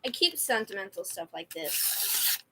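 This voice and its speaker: A woman's voice: medium pitch, very animated, a little slow, very noisy. A young woman on a livestream reading chat messages aloud and telling a story in a sarcastic, complaining way.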